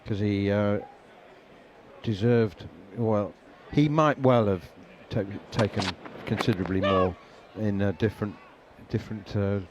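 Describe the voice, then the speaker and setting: A man giving ball-by-ball radio cricket commentary, chatty and quick to laugh, with plenty of ums and uhs. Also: fairly low pitch, fairly even intonation, muffled recording, background noise.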